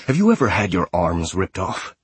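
An audiobook narrator voicing a precise female android in a man's body, speaking in a clipped, exact way with a deep, husky voice. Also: wildly swooping pitch, moderate pace, dry recording, full character voice. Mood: cool.

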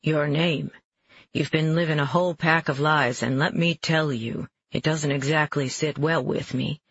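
Brief: male narrator doing a laconic middle-aged detective, slow dry drawl, husky, slightly high, dull lo-fi sound. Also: steady tone, fairly bright tone, no echo, heavily acted.

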